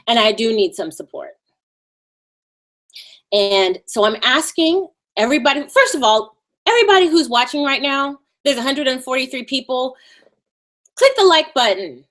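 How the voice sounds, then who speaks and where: A woman with a high, bright Valley Girl voice talks to her live-stream viewers. She is sassy and animated and drops mocking asides. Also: moderate pace. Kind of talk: casual live-stream talk.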